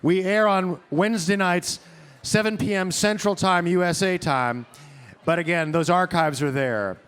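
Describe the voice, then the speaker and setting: A man on a live concert stage giving enthusiastic wrap-up announcements in a fairly high voice. He sounds eager and promotional, urging listeners to follow the show. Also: measured pace, fairly bright tone, clean tone. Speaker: show interviewer.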